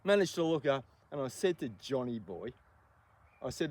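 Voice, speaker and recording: A man's voice: mid-range voice, expressive, moderate pace, darkish tone. A man telling a rambling, profane story, heated and stumbling over his words.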